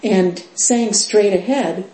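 A middle-aged woman teaching as a Zen teacher in a dharma talk, unhurried, with many fillers and laughs. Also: mid-range voice, warm tone. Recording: roomy echo.

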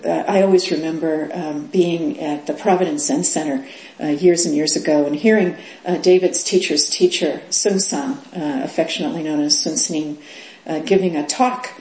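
A middle-aged woman teaching as a Zen teacher in a dharma talk, unhurried, with many fillers and laughs. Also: low-pitched, warm tone. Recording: roomy echo.

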